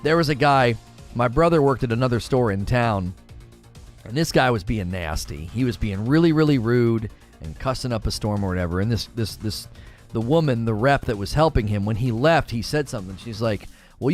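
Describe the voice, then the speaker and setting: A man's voice: medium pitch, brisk, faint music behind. A man hosting a live gaming talk show, ranting with emphatic opinions. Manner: animated, emphatic opinion rant.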